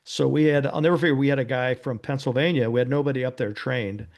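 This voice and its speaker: A man's voice: medium pitch, fairly even intonation, fast talker, darkish tone. A man, a former police officer, guesting on an interview and telling a personal story in an earnest, casual way, often adding "you know" and "right?". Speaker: interview guest, nonprofit founder.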